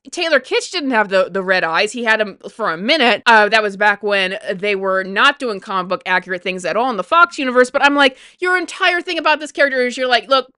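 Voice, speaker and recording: A woman giving an opinionated, indignant commentary, animated and repeating herself as she argues. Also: on the high side, fairly quick, hardly any pauses, smooth, dry recording. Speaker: YouTube commentator. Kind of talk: opinionated reaction rant.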